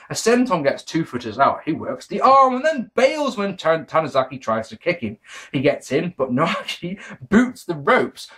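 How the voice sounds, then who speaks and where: Brief: male reviewer, excitable and self-correcting, animated pitch. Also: breathy edge. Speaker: video reviewer. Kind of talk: casual wrestling DVD review.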